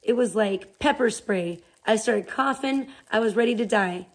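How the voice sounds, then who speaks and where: A woman's voice: fairly high pitch, normal speed. A woman live streamer chatting casually, rambling and swearing as she rants in exasperation. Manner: rambling, profane, exasperated ranting. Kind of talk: casual chat.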